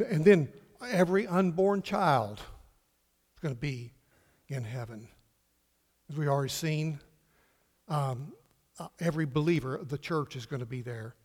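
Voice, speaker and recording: Emphatic preacher in an echoing hall. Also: male voice, fairly high pitch. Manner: emphatic, swings from loud to hushed, repeats words. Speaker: pastor. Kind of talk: sermon. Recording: reverberant hall.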